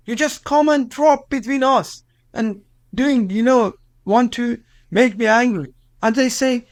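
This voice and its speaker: In a studio-quality, echo-free recording, a high-voiced journalist from Iran speaks with an Iranian accent as an interview guest recounting events. He stumbles through non-native English with lots of fillers and restarts, becoming agitated whenever he quotes someone.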